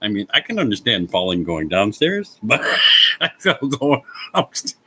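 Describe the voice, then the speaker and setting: Casual vlogger, male, very low voice with a bright edge, laughs and swears a lot. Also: very animated, measured pace, breathy edge, low-quality recording. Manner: chuckles often, swears freely, self-mocking. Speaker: vlogger chatting with live viewers. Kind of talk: casual chat, rambling storytelling.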